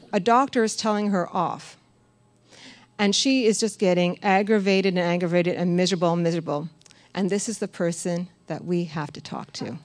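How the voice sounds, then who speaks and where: A woman giving a personal testimony at a church service, telling her story in a lively way, laughing often and acting out what others said. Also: mid-range voice, no room sound. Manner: animated storytelling, laughs often, quotes others in acted voices. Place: church sanctuary.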